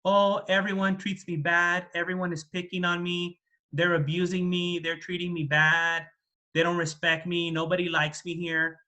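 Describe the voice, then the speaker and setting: A man's voice: high voice, completely flat delivery, normal speed, bright, forceful tone. A man voicing a proud young male monk who complains tearfully that everyone mistreats him. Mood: whining.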